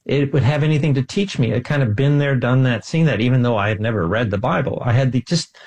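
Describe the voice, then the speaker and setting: A man's voice: mid-range voice, fast talker, a little mellow, breathy edge. A man speaking as a guest in an interview, earnest and self-deprecating, telling a personal story with enthusiasm. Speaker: guest, scientist.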